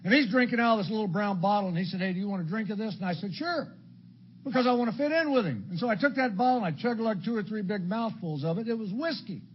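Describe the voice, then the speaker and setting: An older man from Illinois sharing his story at a recovery meeting, blunt and crude, with dark humor. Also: high voice, expressive, racing, hardly any pauses, husky. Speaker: AA speaker. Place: meeting hall before an audience. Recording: dull lo-fi talk recording with faint background noise.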